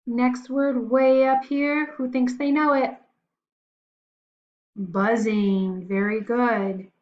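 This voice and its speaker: A woman teacher giving a recorded spelling lesson to young children, slowly spelling words out letter by letter and encouraging them. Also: a little high, highs cut off.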